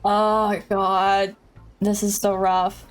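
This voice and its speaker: A woman's voice: mid-range voice, little pitch movement, takes it slowly, faint music behind, rough recording. A woman streaming a dating game, chatting casually, playful and dramatically whiny, mocking herself. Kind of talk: casual live-stream gameplay commentary.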